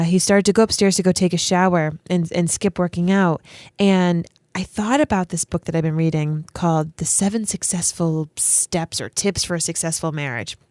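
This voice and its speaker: A woman in her thirties co-hosting a TV show podcast, telling a personal story in a chatty, expressive way. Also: fairly low pitch, no room sound, studio quality. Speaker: podcast co-host. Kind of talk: casual chat and storytelling.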